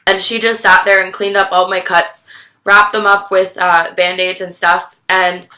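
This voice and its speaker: A young woman talks straight to her camera in a bright, clear voice. She tells her story candidly, with halting restarts and plenty of swearing. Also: medium pitch, level tone. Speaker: vlogger.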